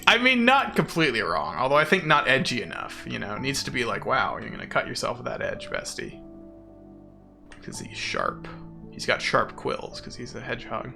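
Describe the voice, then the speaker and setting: A man's voice: mid-range voice, gravelly. A man streaming a game, chatting casually and sarcastically with his chat. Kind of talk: casual chat while gaming.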